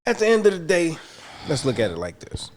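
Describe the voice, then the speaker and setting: Male podcast co-host, high-pitched, blunt and crude, argumentative. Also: wildly swooping pitch, brisk, a little hiss or hum. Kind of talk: casual chat.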